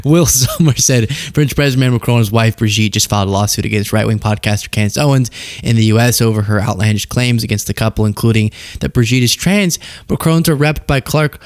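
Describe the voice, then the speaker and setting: A man's voice: mid-range voice, normal speed, no echo. Wry male commentary host, dry sound. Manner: wry, incredulous asides. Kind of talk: casual commentary on played clips.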